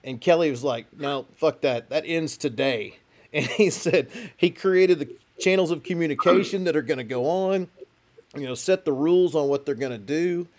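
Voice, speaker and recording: A man talks college football in loose, casual chat. He rambles and restarts his sentences. His voice sits a little higher than most men's. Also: moderate pace, darkish tone. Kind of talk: casual sports talk.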